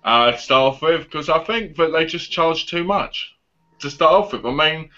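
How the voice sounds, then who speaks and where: A man co-hosts a casual live film chat. He speaks plainly and bluntly, with a bright tone, and often stumbles over his words. The online call audio is muffled. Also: on the high side, expressive, normal speed. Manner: blunt, swearing, stuttering restarts. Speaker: co-host.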